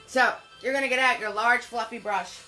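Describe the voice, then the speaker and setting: A woman's voice: on the high side, steady tone, moderate pace, pushed and bright, soft background music. A woman hosting a live painting lesson from her home. She chats with viewers, greets them by name and laughs often. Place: home studio.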